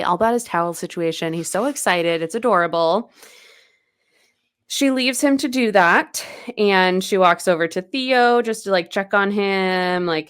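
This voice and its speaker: Smooth and medium-pitched, a woman co-hosts a podcast devoted to casual book recap chat. She loosely retells a novel's plot, quoting and acting out snippets of dialogue as she goes.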